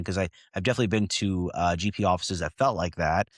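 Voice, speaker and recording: Deep-voiced man hosting a podcast. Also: fairly quick, hardly any pauses, fairly bright tone, dry recording, clean studio sound. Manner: conversational, rambling questions with fillers. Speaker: podcast host. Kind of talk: podcast interview.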